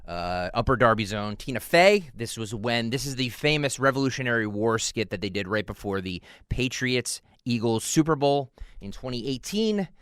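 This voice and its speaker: A man hosting a casual radio chat, relaxed and chatty as he sets up clips. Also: medium pitch, normal speed, few pauses, clear, resonant tone, no echo, clean studio sound. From Philadelphia area. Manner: relaxed, chatty, with filler words. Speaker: radio host.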